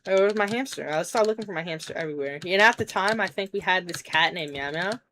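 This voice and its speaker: Laid-back woman streamer with a lower voice, rambling and swearing through a story, keyboard tapping faintly behind. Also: fast talker, fairly bright tone, slight background noise. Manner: rambling, swears casually, jokey asides. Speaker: game streamer. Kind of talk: casual storytelling while gaming. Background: keyboard typing and clicks.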